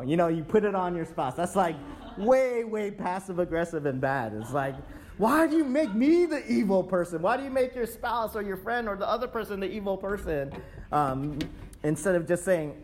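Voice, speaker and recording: A man's voice: a little high, slight background noise. A man preaching in a casual, conversational way, acting out excuses and checking in with "right?" as he goes. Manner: lively, acts out excuses in quick asides. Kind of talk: conversational sermon.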